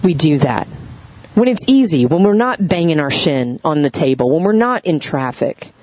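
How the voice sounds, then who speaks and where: Woman pastor, chatty sermon delivery, animated storyteller who asks the room questions. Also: deep voice, normal speed, no echo, poor audio.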